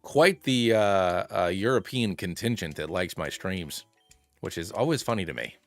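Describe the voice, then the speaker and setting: Lively, rambling male game streamer. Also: sits low, normal speed, faint music behind. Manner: rambling, excitable, thanks viewers by name. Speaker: streamer playing a fusion monster game. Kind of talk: casual live-stream chat and game commentary.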